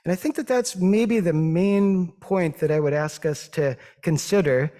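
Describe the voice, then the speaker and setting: A man with a Midwestern accent, a physician giving a thoughtful, modest talk with slides, pausing often with fillers. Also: sits high, warm tone. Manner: thoughtful, hesitant, with many fillers; modest and self-deprecating. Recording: long reverb of a hall.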